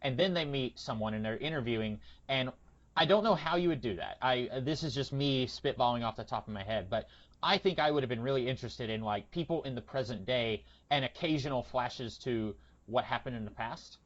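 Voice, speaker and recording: A man's voice: mid-range voice, brisk. Opinionated male podcast host, rambling. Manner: rambling, opinionated, frequent hesitations. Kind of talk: casual movie discussion. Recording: lo-fi audio.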